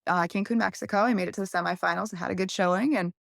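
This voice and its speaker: A woman's voice: medium pitch, fairly even intonation, rapid-fire, creaky, dry recording, clean studio sound. A young adult woman, a podcast guest, telling a long story candidly in a casual interview and acting out quoted voices.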